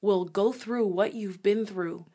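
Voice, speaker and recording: Candid, expressive young woman in casual talk. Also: medium pitch, slow. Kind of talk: casual chat.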